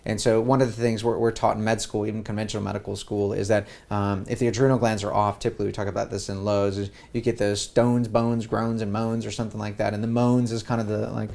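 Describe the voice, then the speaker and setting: A man with a Southern US accent, co-hosting a casual medical explainer and speaking in a steady, teaching way with dry asides. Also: lowish voice, fast, creaky, hardly any pauses. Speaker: doctor co-host.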